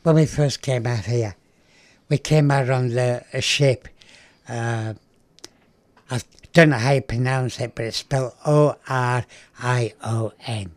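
An older man from England reminisces at an easy pace, looping back over phrases and trailing off mid-thought. His voice sits at an ordinary middle pitch. The sound is close and dry. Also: a little slow, no room sound. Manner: rambling, repeats words, trails off. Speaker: guest, self-advocate. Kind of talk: casual interview, reminiscing.

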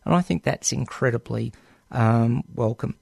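A man's voice: medium pitch, measured pace, gravelly, a little mellow, no room sound, clean studio sound. A man with an Australian accent hosting a community radio show in casual talk, hesitant and full of ums and restarts.

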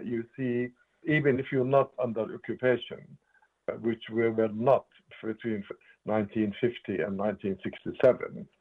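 A man in his eighties from Palestine, giving earnest, emphatic interview answers and repeating words for stress. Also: mid-range voice. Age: 80s. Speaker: interviewed writer and political analyst. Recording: tinny phone-line audio.

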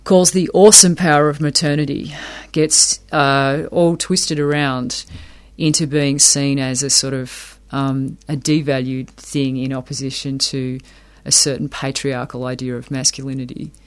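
A man's voice: medium pitch, level tone, measured pace, hardly any pauses, clean tone. A man explaining academic ideas in an interview, thoughtful, often repeating words as he works a point out.

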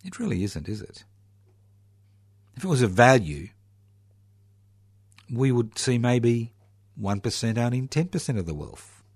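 In a mid-range, slightly rough voice, an Australian man gives a sardonic political speech, firing off rhetorical questions and leaning slowly and heavily on key words. The sound is clean studio quality without echo.

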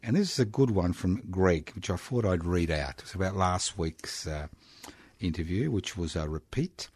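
A man's voice: low voice, lively intonation, normal speed, a little mellow, slightly rough, no room sound. A man in his sixties with an Australian accent, hosting a casual community radio chat in a studio, teasing and jokey. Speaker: radio host.

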